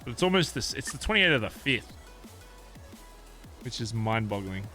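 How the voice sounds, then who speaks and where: A man's voice: mid-range voice, big pitch swings, normal speed, sharp tone, soft background music. A man streaming and chatting casually with his viewers, rambling with plenty of swearing and fillers.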